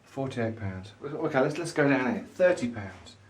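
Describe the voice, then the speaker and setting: A man's voice: mid-range voice, expressive, moderate pace. A man vlogging, chatting enthusiastically to camera in a pipe maker's showroom. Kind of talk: casual showroom chat to camera.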